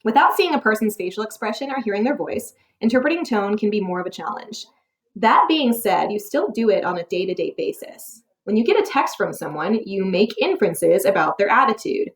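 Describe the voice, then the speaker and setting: Give me a woman teacher at a middle pitch, reading a clear scripted lesson that is full of rhetorical questions. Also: sing-song, brisk. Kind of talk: scripted narration for a test-prep lesson.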